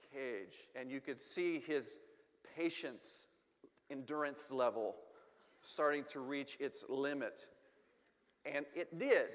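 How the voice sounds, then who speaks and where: A man's voice: mid-range voice, a bit bright, big-room sound. A man telling a family story to an audience, with self-deprecating humor and frequent repeated words.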